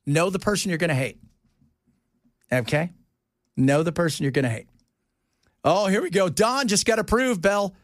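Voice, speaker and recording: A man's voice: high-pitched, moderate pace, pauses often, dry recording, clean studio sound. A man hosting a radio talk show, joking and teasing his co-hosts in casual on-air banter and acting out the voices of people he quotes. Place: radio studio.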